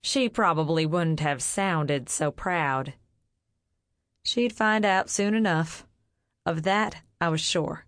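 Woman, audiobook narration, measured, fairly low voice, dry studio sound. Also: a bit bright, no room sound. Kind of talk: scripted narration.

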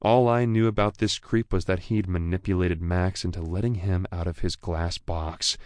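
A man reading first-person narration for an audiobook at a measured, even pace. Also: low voice, no echo.

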